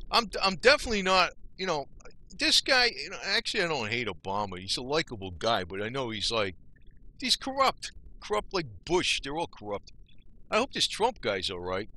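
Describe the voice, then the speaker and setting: Here an older man from Northeast New Jersey rants to the camera, rambling and folksy, with mild curses and frequent "you know?" His mid-range voice comes across pushed and bright. He's a vlogger.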